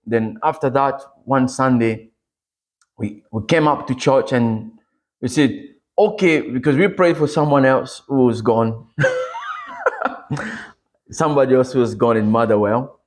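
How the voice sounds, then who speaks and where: A man with a Congolese accent preaching a sermon, telling stories with lively energy and acting out prayers. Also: mid-range voice, a little slow, long pauses. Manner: animated storytelling, acting out prayers and street scenes.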